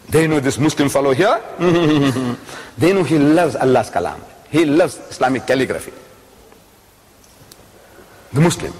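A man's voice: high-pitched, in a large hall. An older man giving a religious lecture to a live audience, telling a story and often putting questions to his listeners.

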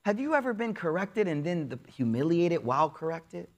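A man preaching a storytelling sermon, lively and casual, acting out the people in the story. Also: fairly high pitch, moderate pace. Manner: lively, acts out the quoted figures, uses casual slang.

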